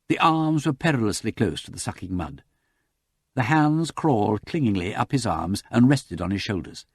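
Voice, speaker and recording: A man reading a novel aloud as an audiobook narrator, with dramatic, lively narration. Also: mid-range voice, slightly rough, no room sound, studio quality. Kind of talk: scripted narration.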